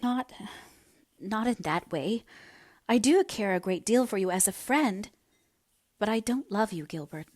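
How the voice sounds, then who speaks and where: A woman voicing an emotional young woman who pleads and rushes, her voice lifting high. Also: expressive, darkish tone, no echo, clean studio sound. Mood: pleading. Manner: rapturous, pleading, then distressed.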